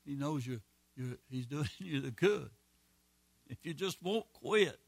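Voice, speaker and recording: A man delivers a sermon in a slightly raised voice, folksy and emphatic. He hammers repeated phrases and drops quick asides. The sound is close and dry, with no room echo. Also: on the high side, animated, creaky. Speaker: pastor.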